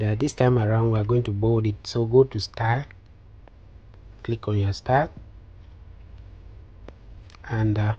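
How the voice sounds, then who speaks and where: A man calmly talking through a phone design tutorial step by step, with many fillers. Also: fairly low pitch, highs cut off. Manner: calm step-by-step instructions with frequent fillers. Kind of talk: screen-recorded software tutorial.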